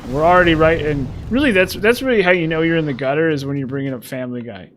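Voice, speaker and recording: A man's voice: a little high, quick pace, slight background noise. A man giving casual, rambling and sarcastic commentary while playing a video game. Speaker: gameplay commentator.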